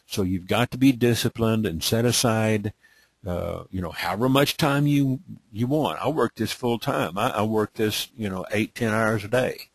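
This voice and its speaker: A middle-aged man with a light Texas accent, his low voice husky and breathy, leads a live online training. He drawls through his points, repeats himself and keeps checking in with "okay?" The sound is dry, with no room echo. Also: moderate pace. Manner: repetitive, drawling, many "okay?" check-ins. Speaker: webinar host.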